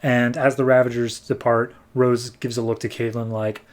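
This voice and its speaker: A man recaps and reviews a comic on a podcast, talking loosely and piling on "like"s. His voice sits at a medium pitch and keeps a casual, unscripted feel. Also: little pitch movement, normal speed, few pauses. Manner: rambling, lots of "like", acts out characters.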